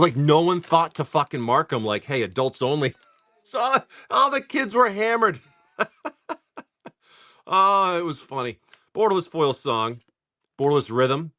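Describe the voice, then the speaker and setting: A man in his forties chatting casually on a live stream while opening card packs, rambling and swearing, with filler words and frequent throat clearing. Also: mid-range voice, a bit bright. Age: 40s. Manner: rambling, profane storyteller.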